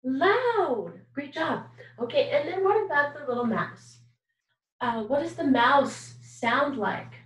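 Woman music teacher, high voice, slow and patient, echoey room heard from a distance. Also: expressive, a bit bright. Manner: slow, patient and encouraging, asking questions and singing examples. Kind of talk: recorded online music lesson for young children.

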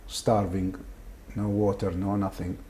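A deep, warm male voice with flat delivery belongs to a Saudi man, Arabic being his first language, who gives emotional testimony in an interview. He stops and starts, often repeating words while describing what he went through. Background noise is faint.

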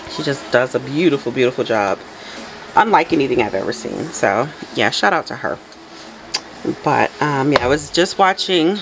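A woman hosting her soap making channel, chatting casually to viewers with a raspy early-morning voice and frequent laughs. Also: low-pitched, fairly bright tone, slight background noise, low-quality recording. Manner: chatty, laughs often, talks to viewers directly. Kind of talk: casual tutorial chat.

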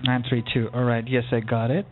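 A man's voice: medium pitch, monotone, brisk, narrow, tinny audio. Insistent man posing as call-center supervisor. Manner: insistent, keeps checking if heard. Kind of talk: phone call.

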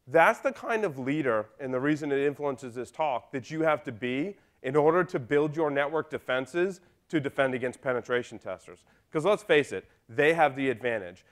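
A man speaking at a conference, telling a story to the crowd in a loose, joking way. His voice sits a little high for a man. He talks right to the people in the room. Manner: casual and joking, talks to the audience. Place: conference hall.

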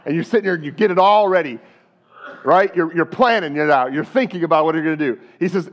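Animated, high-voiced male pastor. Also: fast talker, muffled recording. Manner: animated storytelling, asks the crowd questions. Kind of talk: sermon.

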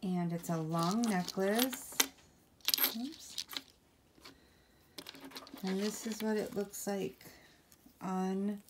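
A woman's voice: medium pitch, fairly even intonation, extremely slow, long pauses, very noisy. A woman chatting casually on camera at home, showing items one by one and rambling with lots of ums and apologies. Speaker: vlogger. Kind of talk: casual haul video chat.

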